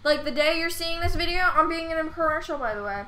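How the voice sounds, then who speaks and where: A girl in her teens chatting and rambling through a Minecraft let's play, breaking into loud excited bursts. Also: very high voice, fast talker, background noise. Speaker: gaming YouTuber. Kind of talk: casual let's play commentary.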